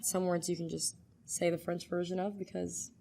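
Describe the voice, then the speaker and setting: A woman explaining accent tips casually, hedging often and filling pauses with "like.". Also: lowish voice, little pitch movement, vocal fry, dark tone. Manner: chatty, hedging with "like" and "I feel like". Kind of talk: casual explanation from a video segment.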